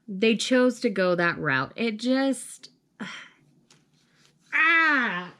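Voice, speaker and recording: A woman's voice: medium pitch, gravelly. A woman reviewing manga in a casual reaction vlog, chatty and rambling, venting her frustration with groans and sighs.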